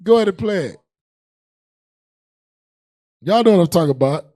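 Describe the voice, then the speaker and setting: Animated high-voiced male host. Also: normal speed. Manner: animated, preachy, emphatic. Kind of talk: casual reaction commentary.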